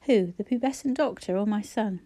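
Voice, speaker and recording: A woman's voice: medium pitch, brisk, dark tone, natural voice. A woman reading the part of a wry, self-mocking woman ill with flu, with dry humour.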